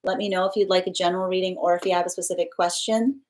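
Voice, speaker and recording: A woman's voice: on the low side, steady tone, very fast, darkish tone. A woman hosting a live tarot stream from home, chatting loosely, reading viewer comments aloud and laughing often. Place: at home with her pet nearby.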